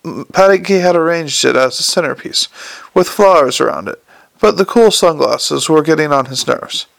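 A man narrating an audiobook in a dry, measured storytelling manner. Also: fairly high pitch, lively intonation, creaky, a bit bright, no echo.

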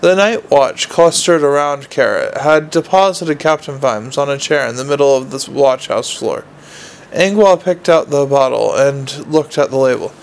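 A man narrating an audiobook in a steady, measured storytelling manner. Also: medium pitch, vocal fry, low-quality recording. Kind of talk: scripted narration.

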